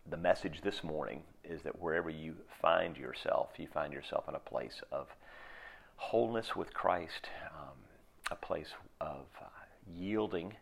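A man in his sixties preaching a sermon in a reflective, halting way, with pauses and restarts. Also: very deep voice, vocal fry. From United States. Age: 60s. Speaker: pastor.

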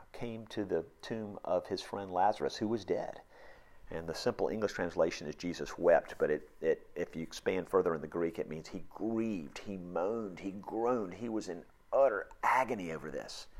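A male pastor delivering a sermon in a very low, gravelly voice with a husky edge. He builds emphasis through repeated phrases and deliberate pauses. At times he sinks into a hushed, almost whispered delivery. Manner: emphatic preaching with pauses and repetition.

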